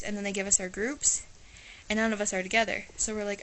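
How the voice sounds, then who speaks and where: A woman's voice: mid-range voice, little pitch movement, a little fast, rough recording. A teenage girl from Ohio, an exchange student chatting casually to her camera in a rambling way, full of "like" and restarts. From Ohio, USA. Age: teens. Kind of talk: casual chat.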